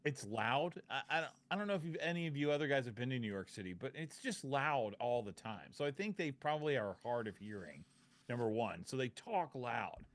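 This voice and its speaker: A man co-hosting a podcast, chatting casually and acting out quick quotes. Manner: laid-back, acts out quotes with lively pitch. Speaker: podcast co-host. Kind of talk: casual chat.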